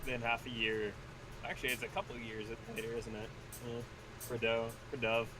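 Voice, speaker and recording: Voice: medium pitch, level tone, noisy background. A co-host on a drawing stream who chats casually and playfully and laughs easily. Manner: playful, giggly, quick to joke. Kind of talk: casual chat.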